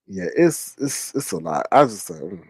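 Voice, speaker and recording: A man hosting a drama commentary vlog, telling stories in an animated, mocking way. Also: fairly high pitch, moderate pace, gravelly, husky, no echo. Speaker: host.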